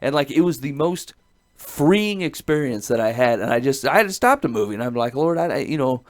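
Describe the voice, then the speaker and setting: Brief: middle-aged male podcast host, earnest rambling storyteller, mid-pitched voice, laughs between phrases. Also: sing-song, fairly quick. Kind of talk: casual chat.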